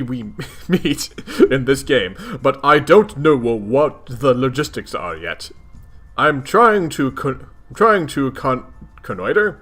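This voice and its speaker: A man's voice: mid-range voice, fairly bright tone. A man voicing a snobbish young troll boy with stretched w sounds. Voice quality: drags out doubled w sounds. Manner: stumbling over the quirk, breaking into laughter.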